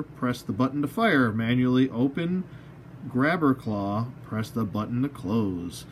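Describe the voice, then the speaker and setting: A man chats through a toy unboxing at his desk, rambling along with jokey, self-mocking asides and the odd word to the figure in his hands. His voice sits in a middle range, with a faint room hum behind him. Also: medium pitch. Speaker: toy collector reviewer. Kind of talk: casual unboxing review.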